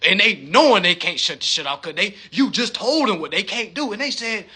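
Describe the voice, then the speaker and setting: A man hosting a live stream, giving a profane, animated monologue full of street slang, repeated words and rhetorical questions. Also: high-pitched, a little fast, breathy edge. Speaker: livestream host.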